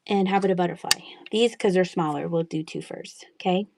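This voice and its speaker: A woman's voice: on the low side, brisk, vocal fry, noisy background. A middle-aged woman chatting casually while selling items in a live online auction, laughing often and sometimes dropping to a near-whisper. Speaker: livestream seller.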